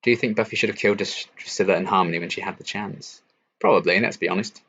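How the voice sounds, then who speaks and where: A young man from England hosts a relaxed late-night stream Q&A, reading chat messages and answering them. His voice sits deep and low, and his chatty delivery is full of ums and likes. The audio is a little dull, like a lo-fi home stream. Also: fast, gravelly, slightly rough. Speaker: YouTube reaction channel host.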